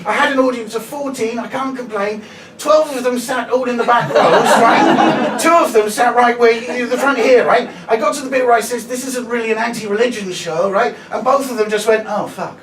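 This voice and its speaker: A male comedian does chatty, sweary live stand-up in a small comedy venue, bantering with the crowd. His voice is very high and a little fast. The mic sits far off in an echoey room, with loud ambient noise around him.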